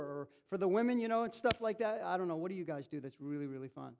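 A man's voice: high-pitched, quick pace, creaky, few pauses, darkish tone. A middle-aged man preaching a sermon in a church, acting out little everyday scenes in quoted voices. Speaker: pastor.

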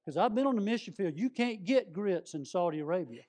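A man's voice: high-pitched, expressive, fairly quick, hardly any pauses, a little mellow. A man preaching a folksy storytelling sermon in a church, speaking straight to the congregation. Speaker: visiting preacher. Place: church sanctuary.

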